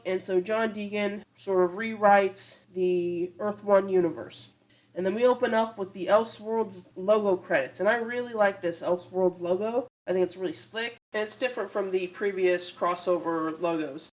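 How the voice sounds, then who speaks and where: A woman's voice: mid-range voice, moderate pace, poor audio. A woman hosting a podcast, casually recapping an episode in a chatty, fond way, with lots of "you know" and "like". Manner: chatty, fond, quotes characters in passing; frequent "you know" and "like" fillers. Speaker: podcast host.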